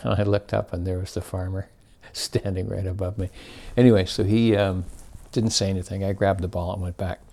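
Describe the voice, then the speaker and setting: A man's voice: low voice, little pitch movement, fairly quick, creaky, hardly any pauses, mellow. An older man casually reminiscing about his school days, rambling and correcting himself as he goes. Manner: rambling, self-correcting, chuckling. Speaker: storyteller.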